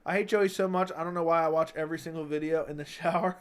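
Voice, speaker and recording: A man's voice: a little high, fairly even intonation, quick pace, clean tone. A man hosting a livestream, reading chat and teasing viewers with crude jokes. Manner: crude, joking, teasing chatters. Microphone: studio dynamic mic.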